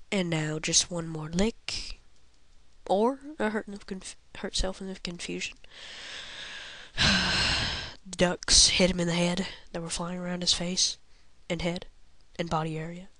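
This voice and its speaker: A woman's voice: fairly low pitch, steady tone, a little slow, fairly bright tone. A young woman giving goofy, rambling commentary over a video game, often murmuring half under her breath. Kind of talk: casual let's-play commentary.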